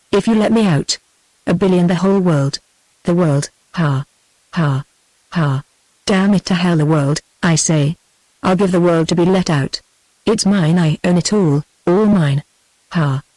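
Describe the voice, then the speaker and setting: A woman's voice: lowish voice, unhurried, no echo, rough recording. A synthetic woman's voice reading a raving old billionaire. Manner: flat synthetic reading of shouted lines. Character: frantic old male billionaire raving with greed.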